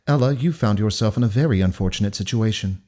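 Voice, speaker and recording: A man's voice: on the low side, warm tone, lightly acted. A man reading a cold, courteous male captor. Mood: cold polite. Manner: measured, courteous, coldly formal. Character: calm menacing male kidnapper, polished and polite.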